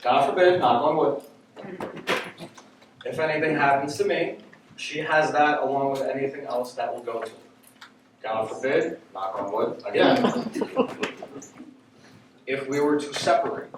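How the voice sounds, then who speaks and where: A man telling a story live on stage, animated and often laughing as he speaks. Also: mid-range voice. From United States. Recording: very echoey room, distant mic, faint noise.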